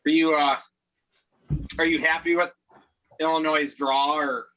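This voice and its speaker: A man, a podcast co-host, chatting casually and quick to jump in. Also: fairly high pitch, little pitch movement, bright, forceful tone, poor audio. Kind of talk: casual chat.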